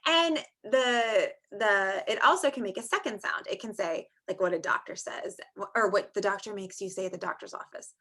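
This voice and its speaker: A preschool teacher teaches phonics to a small online group of young children, stretching out sounds in a sing-song teacher voice. Her voice is mid-range and sharp in tone, at a normal speed, captured through a screen-share video call.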